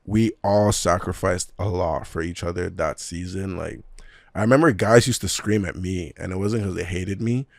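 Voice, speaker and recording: A young man with a very low voice recounts stories in a loose, laughing way, full of street slang. The sound is dry and close, with no room around it. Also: moderate pace, vocal fry, no room sound. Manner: animated, laughing, slang-heavy storyteller. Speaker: professional footballer guest. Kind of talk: casual storytelling interview.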